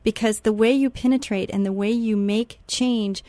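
A woman's voice: fairly high pitch, fairly even intonation, moderate pace, warm tone, no room sound. A woman hosting a Christian radio talk show, speaking with an emphatic, preaching cadence.

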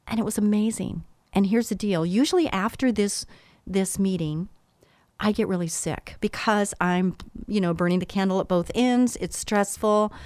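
A middle-aged woman speaks with earnest, heartfelt conviction, giving a motivational talk rooted in faith. Her voice sits at a middle pitch, and the recording is dry and close, with no room sound. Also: darkish tone, dry recording. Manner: earnest, faith-filled, emotional storytelling. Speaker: business owner and coach.

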